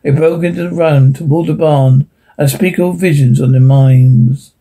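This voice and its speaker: Husky male story reader. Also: a little high, fairly even intonation, normal speed, dark tone, low-quality recording. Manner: frequent slips and self-corrections. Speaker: narrator. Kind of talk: reading a short story aloud.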